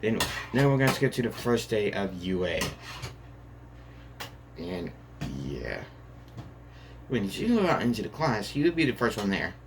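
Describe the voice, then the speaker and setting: A man's voice: lowish voice, very animated, measured pace, long pauses, background noise. A man improvising a fan story aloud, rambling and filling gaps with casual fillers. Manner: rambling, full of "and yeah, like" fillers.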